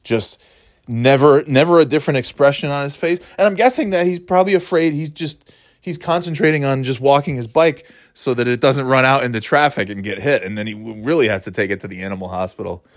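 A man's voice: mid-range voice, dry recording, clean studio sound. A man hosting a podcast, telling a rambling comic story with an amused tone. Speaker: podcast host. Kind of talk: casual comic monologue.

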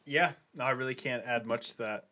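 A man co-hosts a film podcast in casual chat. He speaks at an ordinary mid pitch, and his delivery is deadpan and blunt, with crude turns of phrase. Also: fairly quick. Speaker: podcast co-host.

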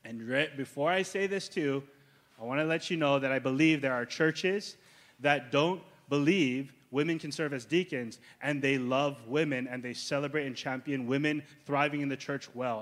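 Pastor teaching in a reverberant hall. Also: male voice, mid-range voice, moderate pace, fairly bright tone. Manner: conversational, checks in with the congregation often. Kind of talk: teaching sermon.

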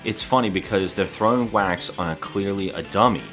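A man co-hosting a movie podcast, recounting scenes in animated casual chat. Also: sits low, fairly quick, faint music behind. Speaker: podcast co-host.

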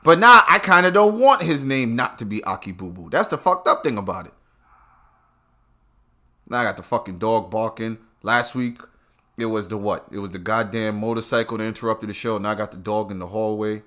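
A sharp tone and a lowish voice mark this Brooklyn podcast host, who speaks a little fast with a New York accent. He tells stories bluntly in a casual monologue, swearing freely as he goes.

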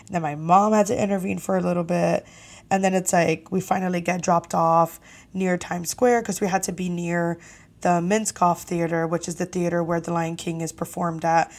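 A young woman hosting a podcast, telling a story casually with lively, profane, exasperated energy. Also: on the low side. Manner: animated, profane, exasperated retelling. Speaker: podcast host.

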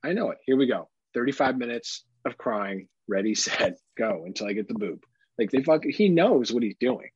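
Husky-voiced dad swearing casually. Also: male voice, medium pitch, normal speed, no room sound, dull audio. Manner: candid, swears freely, animated impressions. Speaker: podcast co-host. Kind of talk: casual chat.

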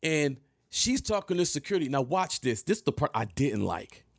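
A man in his thirties recounts an old run-in directly to camera in animated, profane storytelling. His mid-range voice has a gravelly edge. The sound is dry and close-miked. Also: a little high, moderate pace, dry recording. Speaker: vlogger telling a story.

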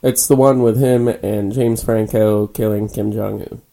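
A young man co-hosts a casual podcast from a small spare room used as a home studio, laid-back and swearing freely. His voice is lowish, steady, unhurried, gravelly and warm.

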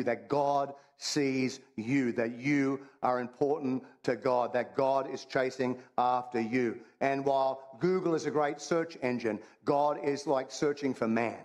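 A man's voice: mid-range voice, a little mellow. Guy preaching a sermon, chatty and funny, keeps repeating lines, normal mid voice. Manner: conversational and humorous, repeats phrases. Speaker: pastor.

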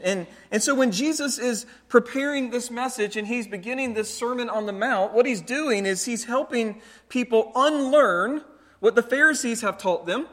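A man's voice: extremely high pitch, fairly bright tone. A man in his thirties preaching a sermon as a pastor, telling stories in a conversational way with light, self-amused laughter. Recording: long reverb of a large hall.

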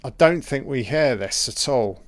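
A man's voice: mid-range voice, expressive, a little slow, dry recording. A man giving a casual, sweary live commentary over a film as it plays.

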